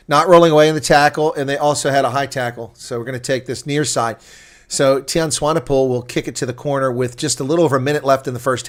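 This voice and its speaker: Excitable man calling rugby play-by-play. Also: medium pitch. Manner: swings from calm asides to excited shouting on breaks. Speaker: rugby commentator. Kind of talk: live watch-along play-by-play commentary.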